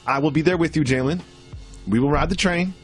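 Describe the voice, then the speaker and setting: A man co-hosting a podcast with quick, joking banter. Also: on the high side, faint music behind. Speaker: podcast co-host.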